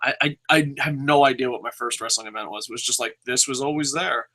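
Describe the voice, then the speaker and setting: A man's voice: mid-range voice, fast, sharp tone. A man in his thirties from New Jersey, a podcast host telling a story casually, swearing a lot and laughing as he talks. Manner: profane, laughs often while talking.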